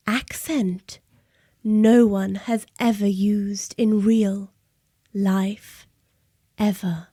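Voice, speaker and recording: A portentous radio poetry reader in a whispered role-play. She uses a fruity whisper that is mellow and dark, with odd stresses and phrases broken at random. Her delivery is extremely slow and the sound is dry and close. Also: medium pitch, no room sound.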